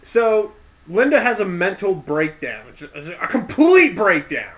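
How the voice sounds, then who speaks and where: A man rambles through a casual podcast rant, circling back and restarting as he goes. His voice sits a bit high and he talks at a slow, unhurried pace. The audio is dull and lo-fi. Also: sing-song. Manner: rambling, loose storytelling with restarts and loud shouted impressions. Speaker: podcast host.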